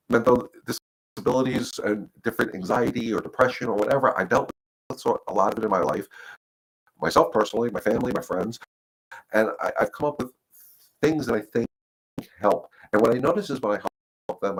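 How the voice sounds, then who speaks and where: Husky low-voiced male dog trainer. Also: fairly quick, pauses often, poor audio. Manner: rambling, repeats words, acts out quoted voices. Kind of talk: casual livestream advice talk.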